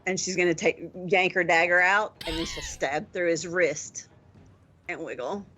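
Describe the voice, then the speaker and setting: A woman's voice: lowish voice, huge pitch swings, a little slow, pushed and bright, faint music behind. A woman playing her character in a tabletop game, describing brutal actions with brash glee. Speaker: player. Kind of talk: tabletop role-play.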